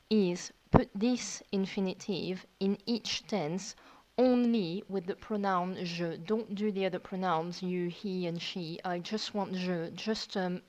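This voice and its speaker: A woman's voice: mid-range voice, a little mellow, poor audio. A woman teacher, patiently explaining verb tenses step by step in a recorded lesson. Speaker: French teacher.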